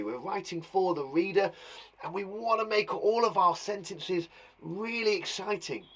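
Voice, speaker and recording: A man's voice: fairly high pitch, fairly bright tone. A young British man teaching young children in an online lesson, playful and encouraging, acting out sound words with gasps and laughs. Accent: British English. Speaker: primary school teacher. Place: garden shed classroom.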